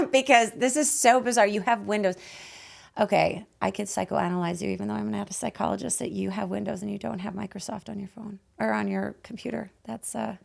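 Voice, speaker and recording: Raspy-voiced woman podcast host. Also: medium pitch, steady tone, brisk. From Canada. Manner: bubbly, laughs often, emphatic. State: hoarse, raspy from lost voice. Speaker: podcast host and life guide. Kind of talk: casual podcast chat. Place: podcast studio.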